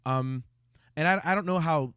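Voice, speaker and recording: A man's voice: fairly high pitch, moderate pace, fairly bright tone, clear, resonant tone, dry recording, clean studio sound. A man co-hosting a casual fan podcast, often restarting his sentences and reading out viewer comments. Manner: hesitant, stammering restarts, reads viewer comments. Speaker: podcast co-host. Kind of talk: casual chat.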